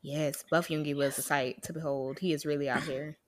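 A woman's voice: deep voice, steady tone, fairly quick. A woman co-hosting a podcast, joking and playful in casual chat. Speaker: podcast co-host.

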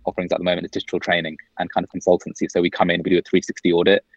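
A man talks fast as a podcast guest, piling stories together with plenty of "like"s. His voice sits very low. It comes over a dull, lo-fi line, dry and close, from an office. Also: level tone, no room sound. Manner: quick, chatty storytelling with frequent "like" fillers. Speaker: guest, agency owner. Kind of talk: casual podcast conversation. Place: office, remote call.

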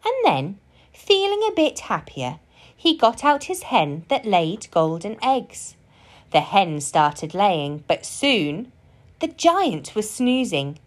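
A woman reading a children's story aloud, slow and expressive. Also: medium pitch. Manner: slow, sing-song and expressive. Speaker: storybook reader.

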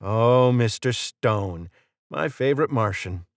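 A man's voice: mid-range voice, expressive, takes it slowly, no room sound, clean studio sound. A man reading the lines of a cocky male federal agent in an audiobook, mocking and chatty. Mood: smug.

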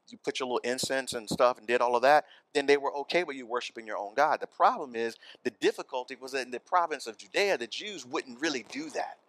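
A man's voice: medium pitch, fairly bright tone, dry recording. A man preaching a sermon in church, conversational and often asking the congregation questions. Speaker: pastor.

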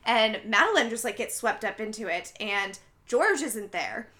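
A young woman on a podcast, chatting casually and retelling a film's plot, acting out the characters' lines with big jumps in her voice. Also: moderate pace. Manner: acts out characters' lines with lively pitch jumps. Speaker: podcast host recapping a film. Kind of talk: casual chat, animated retelling.

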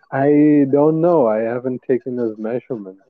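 Man, slow unhurried talk, teasing podcast banter, muffled lo-fi recording. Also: mid-range voice, no echo. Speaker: podcast co-host. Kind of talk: casual chat.

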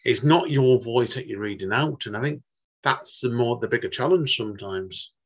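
A man's voice: mid-range voice, moderate pace, husky. A man hosting a casual poetry podcast interview, chatty and informal. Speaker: podcast host.

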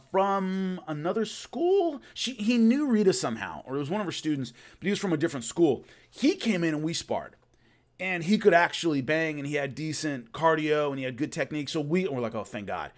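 Chatty man telling a rambling story. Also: fairly high pitch. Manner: rambling, many restarts, laughs at his own story. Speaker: host recalling filming a fight show. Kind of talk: casual storytelling monologue.

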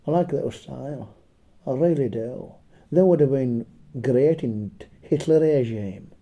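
A slightly hoarse man rambles through a crude comic story, swearing freely and ending his jokes with a chuckled "eh?". His tone is very dark and his voice is husky and rough. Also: medium pitch, unhurried. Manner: foul-mouthed, rambling, chuckling, tags lines with "eh?". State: a bit hoarse. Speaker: comedic storyteller. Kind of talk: profane comedic storytelling chat.

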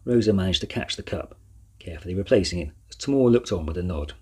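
A man reading a children's storybook aloud as narrator, in an even, measured way. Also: low voice, husky. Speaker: audiobook narrator.

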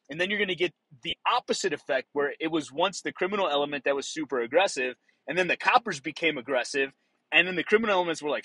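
Middle-aged ex-cop type, husky, slightly high voice, blunt and profane, dry close sound. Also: male voice, lively intonation, a little fast, pushed and bright, dry recording, low-quality recording. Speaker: former police officer. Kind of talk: casual monologue.

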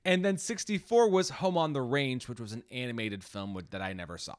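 A man's voice: mid-range voice, brisk, clear, resonant tone, dry recording, studio quality. A man co-hosting a casual movie podcast, talking through cast and box office figures with his wife, swearing now and then. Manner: animated, swears casually, reads out stats. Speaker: podcast co-host.

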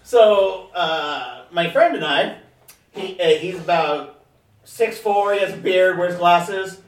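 A man co-hosting a podcast tells a story in a loose, rambling way, with a fairly high voice that swings up and down. He sits somewhat back from the mic in a roomy space. A faint noise runs under him. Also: slow pace, recorded from a distance. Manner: rambling, laughing storyteller, lively. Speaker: podcast co-host. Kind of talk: casual storytelling chat.

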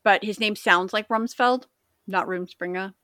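A woman's voice: mid-range voice, normal speed, bright, forceful tone, no echo, studio quality. A woman co-hosting a podcast in casual chat, rambling and jokey, often stumbling over words. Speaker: podcast co-host.

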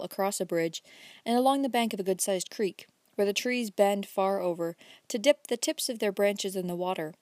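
An audiobook reader, a woman with a mid-range voice, narrates a novel from a script in a measured, even tone. The recording is dry and clean, with studio clarity.

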